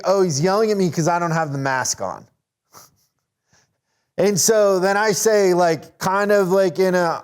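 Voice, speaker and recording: A man hosting a relaxed conversation over a video call, telling his story with plenty of animation and laughter. His voice sits a little high for a man. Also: normal speed, clean tone. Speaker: host. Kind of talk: casual storytelling chat.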